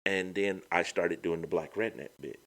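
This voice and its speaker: A man's voice: deep voice, normal speed. A middle-aged man, a comedian guest telling stories in a casual chat. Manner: animated, lively storyteller.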